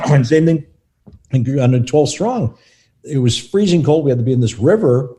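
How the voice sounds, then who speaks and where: A middle-aged man, a film assistant director, telling lively anecdotes in an interview and acting out what others said. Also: a little high, normal speed. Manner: animated, acts out quotes of others.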